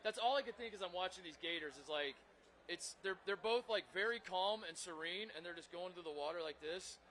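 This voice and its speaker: A man's voice: high voice, fairly quick, slight background noise. A man from the northern United States, co-hosting a casual chat in a bar and telling stories animatedly with frequent laughs. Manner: animated storyteller, laughs often. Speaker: co-host. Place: crowded bar.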